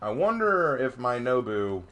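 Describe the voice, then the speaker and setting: A man streaming gameplay, reading chat aloud and thinking out loud as he plays, chatty and quick to laugh. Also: mid-range voice. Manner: chatty, excitable, laughs often, talks to himself. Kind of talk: live gameplay commentary.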